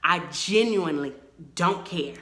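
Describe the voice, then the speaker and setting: A young woman, telling a story to her viewers in an emphatic, animated way. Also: on the low side, a little slow. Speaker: vlogger. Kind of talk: storytime vlog. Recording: echoey room.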